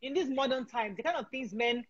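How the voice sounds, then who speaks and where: A woman hosts the interview in a husky, breathy voice, listening closely and murmuring agreement before asking pointed questions. Her audio comes through dull and lo-fi over a remote link. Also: high-pitched, fairly quick. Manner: attentive, frequent murmured agreement. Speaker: host.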